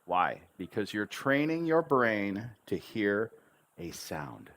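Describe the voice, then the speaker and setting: A man teaching English pronunciation on a livestream, stretching out syllables slowly and emphatically as he coaches learners. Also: on the low side, sing-song, a bit bright. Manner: slow, emphatic, drawn-out syllables. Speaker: English tutor. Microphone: livestream webcam mic.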